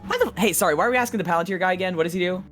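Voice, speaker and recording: A woman's voice: fairly low pitch, rapid-fire, soft background music. A woman co-hosting a podcast in casual chat, exasperated, swearing and laughing often. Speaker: podcast co-host.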